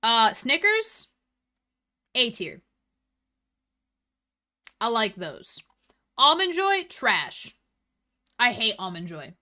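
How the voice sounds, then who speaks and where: A woman's voice: fairly high pitch, huge pitch swings, extremely slow, long pauses, pushed and bright. A young woman streamer chatting casually with her viewers, blunt and full of swearing. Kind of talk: casual chat stream, reading chat.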